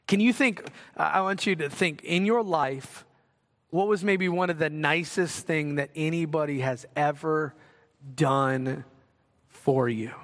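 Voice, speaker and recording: A middle-aged man preaching a sermon as pastor, earnest and swinging between loud exclamations and quiet reflection. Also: high-pitched. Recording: long hall reverb.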